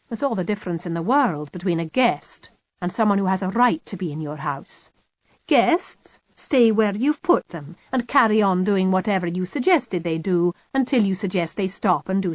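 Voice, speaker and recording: Woman narrating, wry and lively. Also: mid-range voice, no echo. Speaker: audiobook narrator. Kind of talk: scripted narration.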